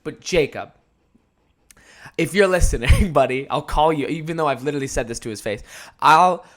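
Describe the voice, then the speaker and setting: Casual young podcast host, rambling and swearing a lot, laughs a lot. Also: male voice, on the high side, moderate pace. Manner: animated, profane, rambling, laughs often. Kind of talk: casual solo podcast storytelling.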